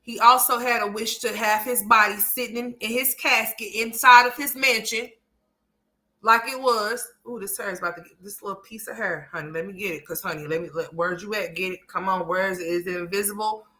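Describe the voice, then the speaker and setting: A woman hosting a casual livestream, talking to her chat and calling viewers honey and sweetheart, by turns loud and animated, then soft. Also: medium pitch, a little fast. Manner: chatty and emphatic, calls viewers honey and sweetheart; swings between loud animated bursts and soft murmurs. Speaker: livestream commentary host.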